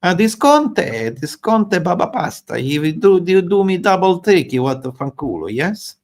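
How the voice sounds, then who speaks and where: A man's voice: sits high, sing-song, normal speed, voice pushed up. A man impersonating a greedy young male footballer who speaks broken English, demanding big money. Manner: broken English, pleading and boastful.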